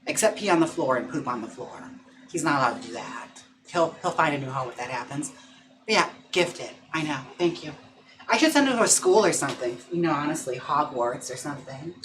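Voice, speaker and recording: A man chatting casually and playfully on a livestream from home, laughing often and cooing at his dog. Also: noisy background. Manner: coos and coaxes his dog in a higher voice. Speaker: livestream host.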